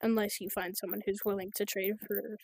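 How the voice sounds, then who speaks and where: A woman's voice: mid-range voice, flat delivery, brisk, a little mellow, no echo. An American woman giving game trading tips in rambling, casual commentary, full of fillers like "like" and "so". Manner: rambling, filler-heavy, offhand.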